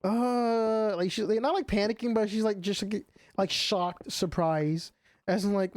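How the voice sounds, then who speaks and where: Chatting casually as he plays, a young man speaks a little slowly in a high-pitched, steady, slightly mellow voice, rambling with lots of "like" and "you know." The recording is dry.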